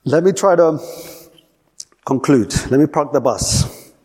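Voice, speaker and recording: A male preacher delivers a sermon in a husky, slightly breathy voice. He repeats key lines for weight and keeps putting questions to his listeners. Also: on the high side, lively intonation, takes it slowly, a little mellow. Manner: repetitive, emphatic, asks the audience questions.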